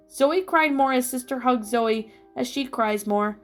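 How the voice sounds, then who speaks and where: A woman reading her own fan fiction story aloud, haltingly, with restarts. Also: sits high. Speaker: story reader. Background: faint music.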